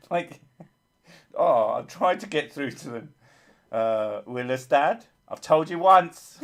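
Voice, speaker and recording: A man's voice: mid-range voice, a little mellow. A man hosting a casual live stream, reading chat with dry, sweary teasing.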